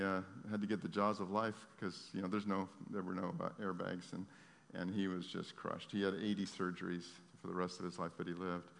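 A man preaching a sermon, moving from loud, fervent pleading to quiet, earnest storytelling. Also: low voice, creaky. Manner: swings from loud impassioned pleading to soft storytelling. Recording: long hall reverb.

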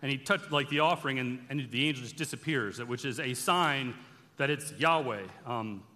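A man giving an animated sermon-style bible teaching, telling the stories casually and acting out the characters' lines. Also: mid-range voice, moderate pace. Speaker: preacher. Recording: long reverb from a large hall.

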